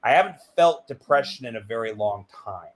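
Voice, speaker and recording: A middle-aged man, a guest in an interview, telling a candid personal story and acting out the dialogue in it. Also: normal speed. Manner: animated, acts out quoted dialogue with big pitch jumps.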